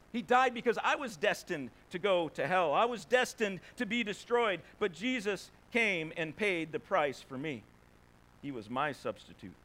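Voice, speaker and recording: Guy preaching a sermon, pretty high voice, chatty, lots of questions to the crowd. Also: sharp tone. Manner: conversational preaching with rhetorical questions and acted-out quotes. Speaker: pastor.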